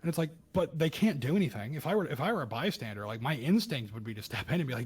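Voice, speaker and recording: A young man co-hosting a casual podcast, talking through a news story with heated emphasis and bursts of louder, higher speech. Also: fast, slightly rough. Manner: animated, acts out quoted voices with rising pitch and loudness. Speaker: podcast co-host. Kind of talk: casual political commentary chat.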